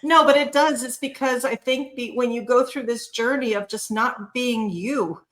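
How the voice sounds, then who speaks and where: A woman's voice: a little high, moderate pace, a bit bright. A woman hosting a podcast interview, answering with playful, teasing quips and laughter. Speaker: podcast host, intimacy coach. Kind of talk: casual interview chat.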